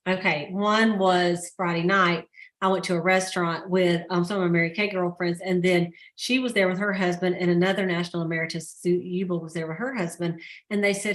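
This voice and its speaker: A woman's voice: lowish voice, fairly even intonation, brisk. A woman hosting a sales team call, telling stories in a chatty way and laughing often. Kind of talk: casual pep talk.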